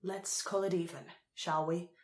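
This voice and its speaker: A woman voicing a wary, quick-tempered teenage boy who talks sharply and scornfully, in an echoey room. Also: on the low side, steady tone, lightly acted.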